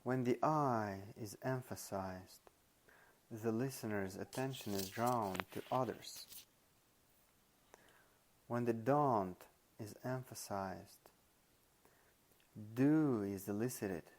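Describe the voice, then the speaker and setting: A man reading a nonfiction audiobook aloud, slow and deliberate, leaning on the example words he stresses. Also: lowish voice, darkish tone. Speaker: audiobook reader.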